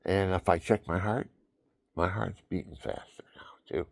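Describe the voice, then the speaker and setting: A man's voice: deep voice, moderate pace, creaky, no room sound. An older man at home on his couch, giving rambling folksy health tips and counting aloud. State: out of breath. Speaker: vlogger. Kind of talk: casual health talk to camera.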